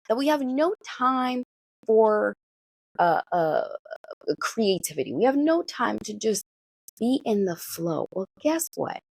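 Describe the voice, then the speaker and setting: A woman doula giving parenting advice in a coaching manner, often checking in with listeners and swinging her pitch and pace expressively. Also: husky, no room sound.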